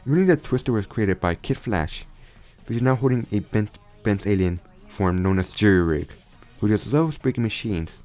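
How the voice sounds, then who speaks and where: A man's voice: lowish voice, expressive, moderate pace, a little mellow, faint music behind. A young man casually retelling a fan story, rambling with frequent restarts and self-corrections.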